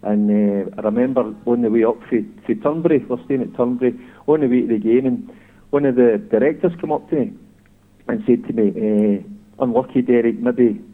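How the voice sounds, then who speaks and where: A man's voice: mid-range voice, fairly quick. A Scottish man in middle age phones in to a radio talk show. He recounts old memories in a reflective, conversational way, and his voice comes through a thin, tinny phone line. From Scotland. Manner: reflective storyteller. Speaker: caller, former footballer. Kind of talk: casual chat.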